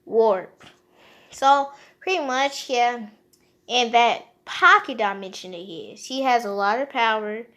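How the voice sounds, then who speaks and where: A woman's voice: on the high side, lively intonation, slow pace, pushed and bright. A woman casually retelling a fan-made story off the cuff, rambling with lots of fillers and joking asides.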